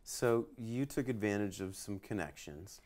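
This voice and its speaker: Deep-voiced male podcast host. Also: expressive, unhurried, a little mellow. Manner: curious, follow-up questions. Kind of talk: casual interview chat.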